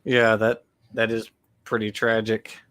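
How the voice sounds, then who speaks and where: A man's voice: on the low side, completely flat delivery, measured pace, fairly bright tone. A young man interviewing casually, laid-back, mostly giving short replies.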